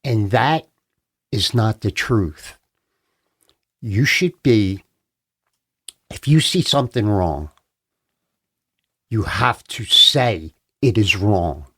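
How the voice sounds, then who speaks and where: A man's voice: on the low side, animated, extremely slow, pauses often, sharp tone, breathy edge. A man from Philadelphia, a guest on a studio podcast, speaking in an earnest, emphatic and heartfelt way. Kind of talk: casual interview chat.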